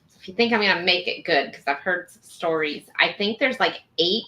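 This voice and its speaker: A woman's voice: fairly low pitch, a little fast, pushed and bright, dull audio. A woman hosting a live stream, chatting casually and laughing often. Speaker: livestream host.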